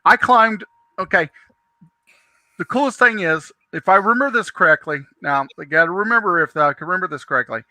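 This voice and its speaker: Male host, casual storyteller, high bright tone, dry room. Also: brisk, no room sound. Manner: rambling, animated storyteller with many restarts.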